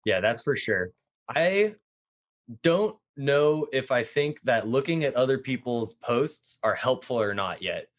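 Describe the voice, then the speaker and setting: A man speaking as an interview guest, talking casually and relaxed, with many fillers. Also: mid-range voice, unhurried.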